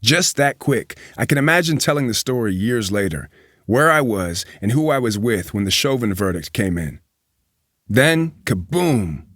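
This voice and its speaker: Guy reading a magazine feature out loud, steady and even, dry close sound. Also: medium pitch, normal speed, no room sound. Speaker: news reader. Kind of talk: reading a magazine profile aloud.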